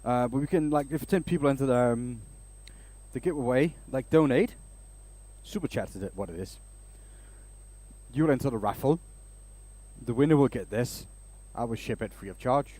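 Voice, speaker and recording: A man's voice: medium pitch, normal speed, mellow, dry recording. A man hosting a woodturning live stream in a workshop, chatting casually and rambling through stories.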